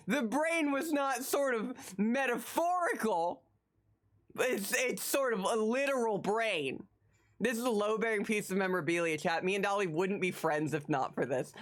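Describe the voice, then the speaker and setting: A woman in her thirties streaming live and chatting casually with her viewers, jumping from squealing excitement to low, muttered asides.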